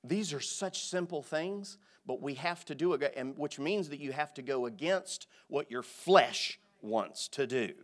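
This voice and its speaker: A male pastor delivering a sermon, speaking emphatically and swinging from quiet asides to loud, stressed phrases. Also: a little high, animated, measured pace, few pauses.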